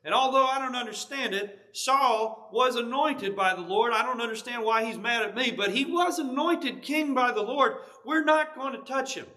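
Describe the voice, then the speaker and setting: An earnest young warrior , acted out by a man preaching, speaks in a high, bright voice. He is firm and restrained, pleading rather than threatening. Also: moderate pace, hardly any pauses.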